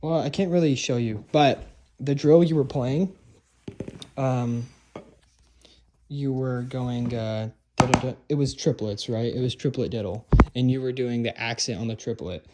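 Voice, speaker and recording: A young male drumline instructor, his voice mid-range and unhurried, casually explains how to hold a marching drum stick. His talk is loose, full of fillers and restarts, and it's recorded in a noisy room.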